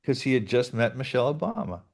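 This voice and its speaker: A man's voice: medium pitch, very animated, fast talker, darkish tone. A man in a casual podcast chat who chimes in with short prompts and teasing remarks. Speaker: podcast co-guest, director.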